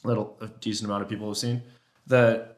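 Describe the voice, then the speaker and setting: A man guesting on a podcast, chatting casually and telling hunting stories with lively, animated delivery. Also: fast talker. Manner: animated storyteller who acts out elk talk in a high voice. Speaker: guest elk hunter and caller.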